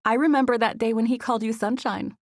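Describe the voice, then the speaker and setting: A woman voicing an excitable, teasing young woman friend in an audiobook, higher and more gushing than her narration. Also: fast, no echo, clean studio sound, close to an everyday voice. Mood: excited. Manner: high, eager and gushing.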